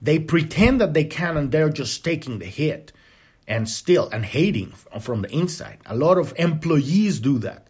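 A man talks through a spiritual self-help idea in a casual, profane podcast monologue, stumbling over his words and restarting often. His voice is somewhat husky and sits a bit high for a man. His pitch swings widely as he acts out angry reactions and then softens. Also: a little slow. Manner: casual, profane, animated, many restarts and fillers. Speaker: podcast host.

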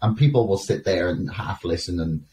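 A man's voice: sits low, animated, normal speed, a little mellow, distant mic, a little hiss or hum. A man interviewing a guest, asking long, hesitant questions full of restarts. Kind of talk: casual interview.

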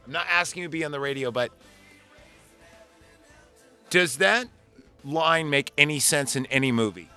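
A man's voice: on the high side, moderate pace, pauses often, clean tone. Male podcast host, casual and profane, rambling recap delivery, faint music bed. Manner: rambling, profane, animated retelling. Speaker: podcast host reviewing a movie. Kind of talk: casual chat.

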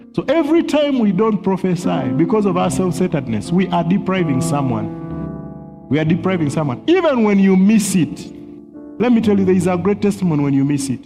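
A man's voice: high voice, very animated, fairly quick. A man teaching on prophecy in a sermon style, earnest, chuckling often and repeating words as he searches for them. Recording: long hall reverb with faint music.

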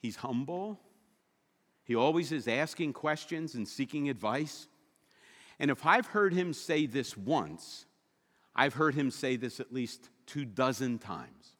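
A male pastor preaching a sermon with animated, humorous storytelling. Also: medium pitch, takes it slowly, long reverb tail.

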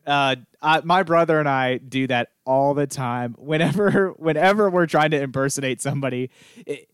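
A man's voice: on the high side, moderate pace, clear, resonant tone, no room sound, clean studio sound. A man co-hosting a podcast in casual chat, explaining things in a friendly way and chuckling often. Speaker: podcast co-host.

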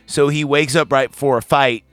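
A man's voice: medium pitch, steady tone, normal speed, fairly bright tone, dry recording, soft background music. A man hosting a casual podcast about a film, rambling, swearing often and laughing easily. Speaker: podcast host.

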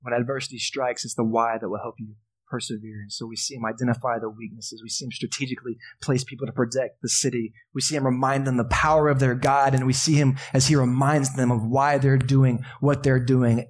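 A male pastor giving a sermon, earnest and impassioned, building to strong emphasis and easing to quiet prayer. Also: mid-range voice, fairly quick. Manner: drops to soft, quiet prayer.

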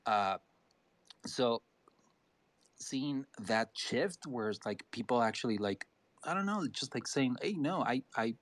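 A man from Mexico, a designer and artist guest, talking casually in a halting way with many restarts. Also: mid-range voice, lively intonation, a bit bright, no echo. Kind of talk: casual interview talk.

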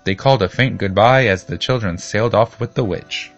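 Low-voiced man narrating a storybook. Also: brisk, lo-fi sound, faint music behind.

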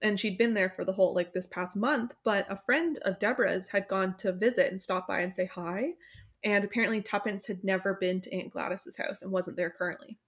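A woman's voice: mid-range voice, a little fast. A woman casually recapping a mystery novel's plot, with many fillers and short acted-out quotes. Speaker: book club podcast host summarizing the plot.

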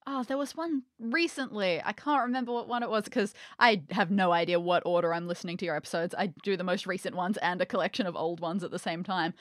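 A woman's voice: lowish voice, steady tone, quick pace, hardly any pauses, no room sound, clean studio sound. An Australian woman co-hosting a podcast, chatting casually, laughing often and thinking aloud. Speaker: podcast co-host. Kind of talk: casual chat.

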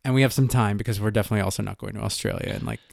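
Laid-back guy cohosting a podcast, gravelly voice, lots of ums, dry sound. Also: lowish voice, steady tone, rapid-fire, darkish tone, no room sound. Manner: laid-back, with frequent fillers. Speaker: podcast co-host. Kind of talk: casual chat.

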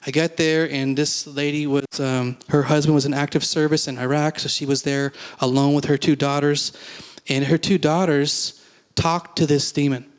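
A middle-aged pastor preaches in a relaxed, conversational way, full of asides and plain talk. His voice sits a little high for a man and stays fairly flat in pitch. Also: normal speed, clear, resonant tone. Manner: conversational, folksy teaching with asides. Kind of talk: sermon.

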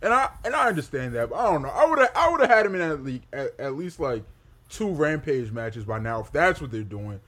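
A man co-hosting a podcast who speaks in an animated way, swearing casually. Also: a little high, a little fast. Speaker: podcast co-host. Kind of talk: casual wrestling chat.

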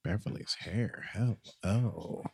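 A man's voice: lowish voice, takes it slowly, gravelly, breathy edge. A man co-hosting a casual movie watchalong, making wry, sarcastic asides as the film plays. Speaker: podcast co-host.

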